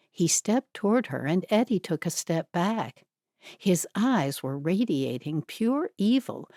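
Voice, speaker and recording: A woman narrates an audiobook at a slow, unhurried pace, with lively swings in her intonation. Her voice is low and mellow. It is a dry, close studio read. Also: no room sound. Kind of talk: scripted narration.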